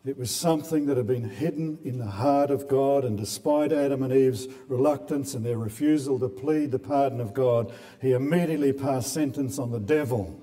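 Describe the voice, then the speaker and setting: Man, sermon delivery, earnest, mellow tone, echoing church hall. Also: medium pitch, normal speed. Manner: earnest, repeats words when building a point. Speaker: preacher. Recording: long hall reverb.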